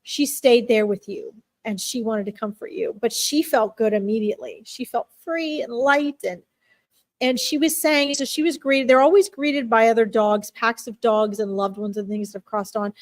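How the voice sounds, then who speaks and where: Speaking softly and with feeling, a woman does an animal communication reading during a live stream. She often stops, uses fillers, and starts over. Her pitch leans high, and there's no echo.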